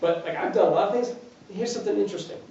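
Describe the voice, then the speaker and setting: A man gives an informal fitness talk. His voice sits a little high, and he keeps it chatty with rhetorical questions. The recording is dull and lo-fi, picked up from a distance in a very echoey lecture room. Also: very fast, warm tone, a little hiss or hum. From New Jersey. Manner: chatty, uses rhetorical questions and acted-out quotes. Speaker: fitness trainer giving a talk. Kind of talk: informal talk to a small audience.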